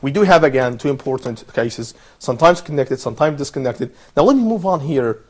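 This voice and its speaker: A man's voice: medium pitch, animated, brisk, a little mellow. A man teaching an online Arabic lesson, patient and encouraging, repeating words and praising his students.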